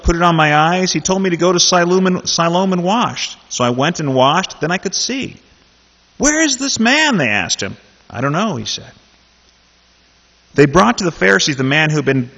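A man's voice: fairly high pitch, a bit bright. A man leading a Bible study, talking casually and then reading a scripture passage aloud with animation. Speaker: Bible teacher. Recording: dull sound in a reverberant hall.

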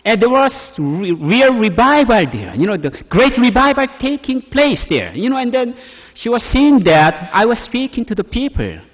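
Korean-accented preacher in an echoing hall. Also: male voice, very high-pitched, big pitch swings, normal speed. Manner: emotional storytelling with many fillers. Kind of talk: testimony sermon. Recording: dull audio in a reverberant hall.

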